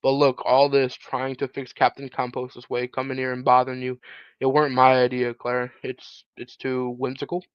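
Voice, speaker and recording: A man's voice: medium pitch, completely flat delivery, normal speed, clean tone, no room sound, highs cut off. A man streaming a live comic read-aloud, putting on British voices for the dialogue and breaking off to laugh and comment. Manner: reads dialogue in put-on British voices, swaps swears for "effing".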